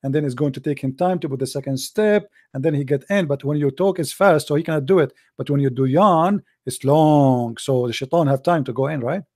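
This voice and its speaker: A man's voice: on the high side, brisk, few pauses, a little mellow, no echo, clean studio sound. A man hosting a religious debate call, talking in a sarcastic, mocking way and pressing his questions. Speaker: host of a debate call-in show.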